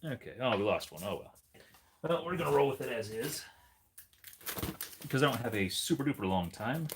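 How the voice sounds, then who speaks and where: A man's voice: medium pitch, very animated, fairly quick, slight background noise. A man hosting a casual livestream, chatting in a rambling way and breaking off to talk to his dog. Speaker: livestream host.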